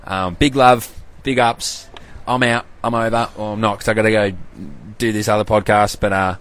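A man's voice: fairly low pitch, steady tone, moderate pace, fairly bright tone, smooth. A young Australian man hosting a casual solo podcast recap, loose and rambling, full of slang and swearing. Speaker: podcast host.

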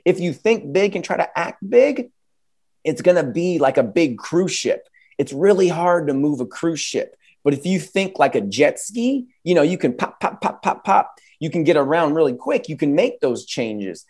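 A man answering interview questions as an educator guest, energetic and telling stories with vivid, punchy phrasing. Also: on the high side, moderate pace. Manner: energetic storyteller, acts out quoted voices.

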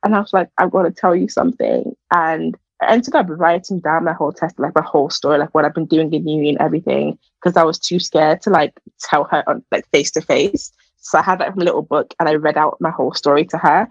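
A woman's voice: low-pitched, fairly even intonation, brisk, hardly any pauses, slightly rough, no echo, dull audio. A young woman telling her personal story in a casual, earnest way, full of fillers. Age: young adult. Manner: earnest, chatty, many fillers. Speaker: podcast guest.

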